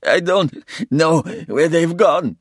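In a bright, slightly rough, fairly high voice with lively intonation, pitched above his own, a man plays a wounded male Russian agent held captive and interrogated. At a moderate pace, the terrified character sobs, pleads and gasps in pain. The studio-quality recording has no echo.

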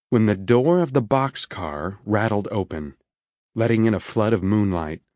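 A man reading an audiobook in a measured, steady storytelling manner on a close studio mic. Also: fairly low pitch, dry recording. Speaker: audiobook narrator. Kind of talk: scripted narration.

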